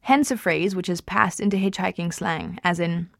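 A woman reading a novel aloud at an even pace, with small slips and restarts. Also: lowish voice, normal speed, gravelly, few pauses, no echo, clean studio sound. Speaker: reader.

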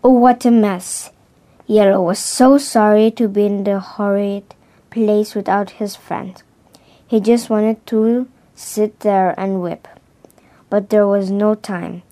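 A woman reading a children's storybook aloud, slowly and carefully, stumbling over and restarting some words. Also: medium pitch, fairly even intonation, mellow. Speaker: reader.

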